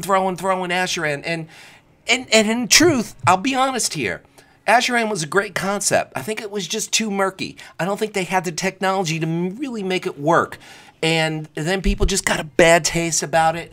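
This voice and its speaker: A man's voice: sits high, fairly bright tone. A man giving casual, sarcastic commentary over a video game, ranting animatedly and now and then mocking others in put-on voices. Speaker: gameplay commentator.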